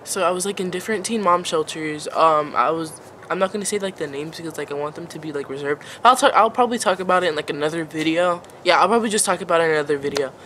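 A late-teen vlogger with a lowish, fairly bright voice rambles through a casual storytime, barely getting a phrase out without "like" or "um." A faint hiss or hum runs through the recording.

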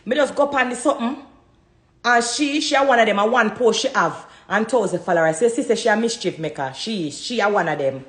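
Speaking fairly quickly in a slightly high, somewhat bright, expressive voice, this woman vlogger delivers a heated rant to camera in a Jamaican Patois accent. She's fiery and defiant, hammering her points through repetition, and the audio sounds roomy.

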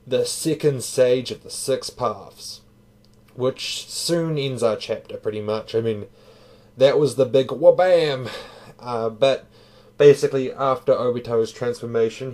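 A man's voice: medium pitch, a little mellow. A man giving a casual spoken review, tired, talking loosely and profanely with fillers. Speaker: manga reviewer.

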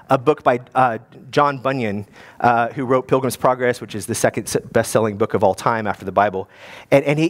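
Animated man preaching a sermon. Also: mid-range voice. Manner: animated, conversational, many restarts. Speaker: guest pastor.

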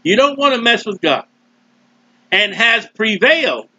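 A man preaching a sermon loudly and emphatically, with mocking asides and sudden swings in his voice. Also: sits high, big pitch swings, measured pace, no room sound, muffled recording. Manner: mocking asides and short laughs. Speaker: street preacher.

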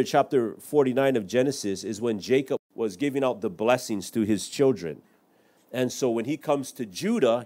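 A middle-aged man delivering a Bible-teaching sermon from the pulpit, walking through scripture verse by verse. He explains each verse in plain words and drops in the occasional aside, with a pitch that sits in the middle range. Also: darkish tone. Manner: expository preaching with scripture citations and asides. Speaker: pastor.

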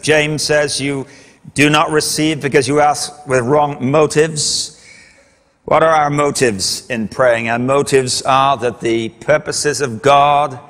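A man's voice: on the high side, slow, fairly bright tone, long reverb tail. A man preaching a sermon, retelling a scripture story with dramatic emphasis.

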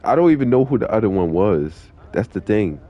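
A man's voice: lowish voice, sing-song, brisk, no echo, dull audio. Laid-back profane young male streamer. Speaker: game streamer. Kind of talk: casual live-stream chat.

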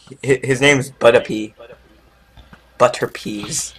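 A young man chatting excitedly while playing a game with a friend, often laughing and getting loud. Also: medium pitch, unhurried, pauses often, a little hiss or hum. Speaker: gamer. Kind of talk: casual gaming chat.

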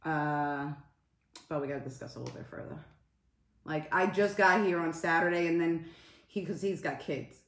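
A woman's voice: low voice, normal speed, roomy sound. A woman on a casual live stream, swearing a lot and greeting viewers in the middle of her story.

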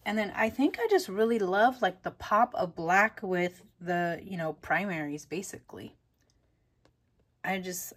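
A woman's voice: medium pitch, slight background noise. A woman vlogger chatting casually and enthusiastically through a craft product haul, giggling often.

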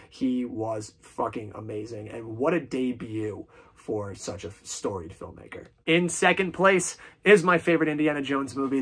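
Husky-voiced man gushing over films. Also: mid-range voice. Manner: gushing, profane, fan enthusiasm. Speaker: film reviewer. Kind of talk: casual film ranking vlog.

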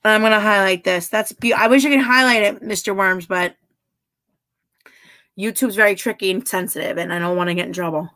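A woman's voice: mid-range voice, brisk, bright, forceful tone. A woman chatting casually on a live stream, answering her chat bluntly and swearing freely. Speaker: livestreamer reading chat.

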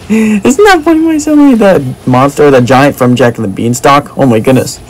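A man commenting on his own gameplay in an excitable way, with frequent exclamations and repeated phrases. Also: on the high side, moderate pace, rough recording. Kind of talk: let's play commentary.

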